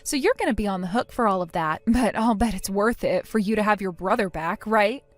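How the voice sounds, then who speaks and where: A woman's voice: medium pitch, brisk, no room sound, soft background music. A woman narrating a text-message story in the first person, indignant, cutting and firm.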